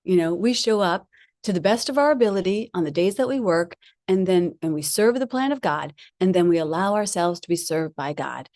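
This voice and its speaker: A woman's voice: fairly low pitch, a little fast, dry recording. Middle-aged lady preaching w/ funny stories, chatty, laughs a lot, dry close sound. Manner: chatty, laughing, lively storytelling. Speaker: guest speaker. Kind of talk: spiritual talk with personal stories.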